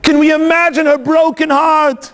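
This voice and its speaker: A male rabbi gives a dramatic sermon, telling a story and asking rhetorical questions. His voice is very high. A long reverb trails behind each phrase. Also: flat delivery, moderate pace, a bit bright.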